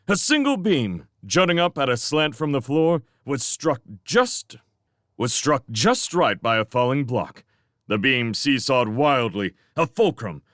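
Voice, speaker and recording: A man giving a dramatic fan reading of a novel, swinging between tense urgency and hushed lines. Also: a little high, dry recording, studio quality. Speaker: audiobook reader.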